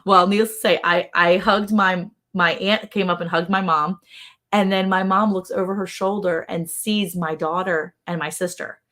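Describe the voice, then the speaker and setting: Animated woman host telling family stories. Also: lowish voice, normal speed. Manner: animated storyteller who acts out relatives' lines in a raised voice; laughs often while talking. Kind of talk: casual live-stream chat.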